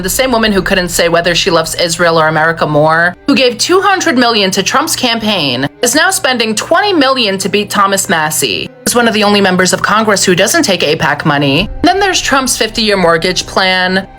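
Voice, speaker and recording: Sarcastic, indignant woman with lively pitch. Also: brisk, faint music behind. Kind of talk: political commentary monologue.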